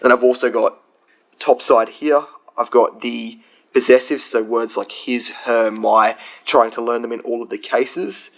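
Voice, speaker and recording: A man's voice: mid-range voice, steady tone, measured pace, fairly bright tone, rough recording. A young man casually explaining grammar from his study notes, chatty and rambling, with frequent restarts.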